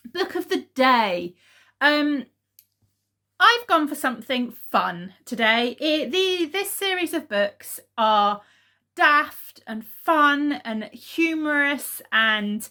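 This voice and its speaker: A woman's voice: a little high, bright, forceful tone. Chatty, rambling woman vlogging at home. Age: adult mother. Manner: rambling, chatty, with frequent ums and laughs. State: out of breath. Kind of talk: casual chat to camera.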